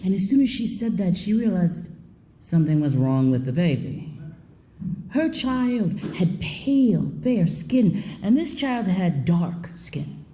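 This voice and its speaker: A woman telling a folk tale on stage, expressive, swooping in pitch and dropping to a hush. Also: takes it slowly. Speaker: storyteller. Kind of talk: live storytelling performance. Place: theater stage before an audience.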